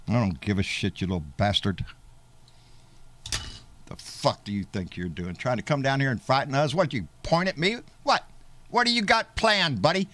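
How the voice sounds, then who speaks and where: A man's voice: medium pitch, a bit bright, no room sound. A middle-aged man, hosting a live show and angrily ranting, profane and taunting, hurling insults. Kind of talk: angry live-stream rant.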